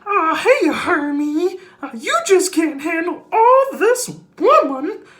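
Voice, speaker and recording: A man's voice: very high voice, sing-song, slow pace, fairly bright tone, voice pushed up, heavily acted. A man imitating a brassy female puppet pig, flirty and sassy.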